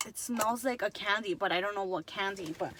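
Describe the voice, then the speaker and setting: A woman's voice: mid-range voice, a little fast, background noise. A woman vlogger chatting casually to her followers, rambling and gushing with lots of "like" and the odd Spanish word. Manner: rambling and gushing, heavy use of "like", drops in Spanish words. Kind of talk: casual chat to camera.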